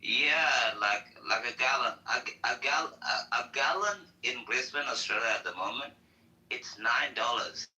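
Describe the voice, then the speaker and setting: A man's voice: mid-range voice, expressive, unhurried, pushed and bright, roomy sound, rough recording. A man ranting on a political talk show, heated and profane, often repeating himself. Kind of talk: casual political rant.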